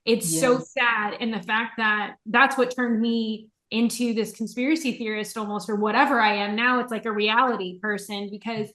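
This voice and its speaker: A woman's voice: fairly high pitch, moderate pace, hardly any pauses, pushed and bright. A woman hosting a casual podcast, talking in an earnest, heartfelt way. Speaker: podcast host. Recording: echoey room.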